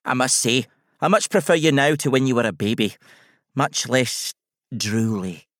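A man voicing an old male teddy bear with a soft Scottish accent, prim, wry and well-spoken. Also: mid-range voice, animated, moderate pace, no room sound, studio quality, natural voice.

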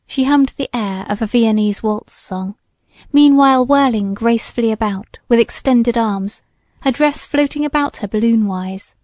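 A woman narrating an audiobook in a measured, soft storytelling manner. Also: a little high, no room sound, studio quality.

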